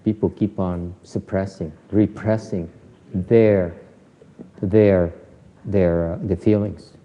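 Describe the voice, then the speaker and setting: A man's voice: low voice, fairly even intonation, takes it slowly, mellow. A man, a Buddhist teacher, giving a Dharma lecture in a temple hall, teasing and questioning his audience with lots of repetition. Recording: dull audio with hall reverb.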